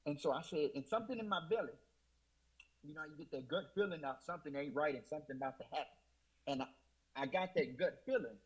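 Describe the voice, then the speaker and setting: A man with a husky, breathy voice pitched a little high for a man tells an emotional testimony. He keeps circling back to quote himself, stacking one "I said" on the next. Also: quick pace, rough recording. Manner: emotional, repeats "I said", Southern US Black church speech. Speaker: guest. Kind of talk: testimony storytelling.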